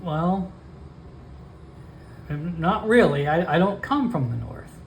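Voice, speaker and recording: Man doing a wary hobgoblin wanderer, unsure, trips over words, lively pitch. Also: takes it slowly, slight background noise. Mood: hesitant. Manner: hesitant, stammering restarts.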